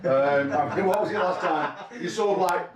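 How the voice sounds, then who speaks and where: A middle-aged man promoting arm wrestling at a press conference, talking in a slightly high voice. He rambles through crude, laughing stories like a bawdy storyteller. The sound is distant and echoey, as if captured from across a large room. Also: normal speed, crowd noise.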